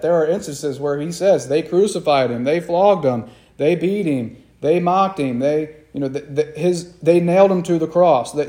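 A man's voice: a little high, dark tone. A man preaching a sermon, earnest and repeating phrases for emphasis, asking his listeners questions directly.

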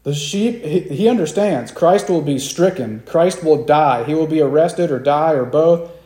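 A man's voice: on the high side, expressive, unhurried, dark tone, echoey room. A man preaching a sermon to a congregation, acting out the quoted disciples with raised, dramatic voices. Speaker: pastor.

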